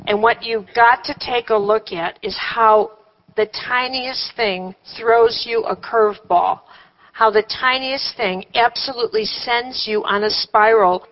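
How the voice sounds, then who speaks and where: Woman workshop teacher, fairly high voice, conversational and wry, muffled live tape. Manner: conversational, with rhetorical questions and wry humor. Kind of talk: live workshop talk to a group. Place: room with a seated group.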